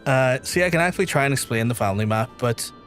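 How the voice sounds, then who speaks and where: A man's voice: mid-range voice, lively intonation, quick pace, a bit bright, faint music behind. A man with a Northern Irish accent chatting casually while streaming a game, rambling and slipping into mock-outraged rants. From Northern Ireland. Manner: rambling, exasperated ranting with mock-outraged quoted asides. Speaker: streamer playing an online role-playing game. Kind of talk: casual gaming-stream chat.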